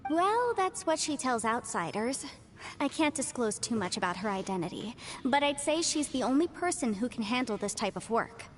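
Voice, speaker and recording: An actress playing a composed, formal legal adviser explaining things in a game. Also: female voice, fairly high pitch, big pitch swings, slight background noise. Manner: measured, formal.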